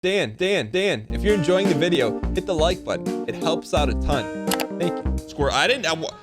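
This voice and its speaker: A man in his thirties, a streamer telling a rambling, animated story in casual chat with comic exaggeration. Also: fairly high pitch, moderate pace, loud music behind the voice.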